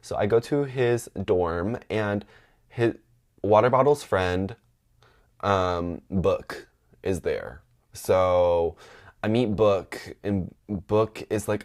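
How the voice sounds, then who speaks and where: A podcast host in his twenties tells a long, gossipy personal story, casual and chatty, full of fillers and asides. He speaks slowly in a voice on the low side.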